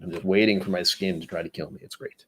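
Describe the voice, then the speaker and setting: A man's voice: low-pitched, fairly even intonation, fast talker, a little hiss or hum. A man from the United States hosting a casual whiskey livestream, chatty, rambling and self-deprecating as he reads chat aloud. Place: indoors at home.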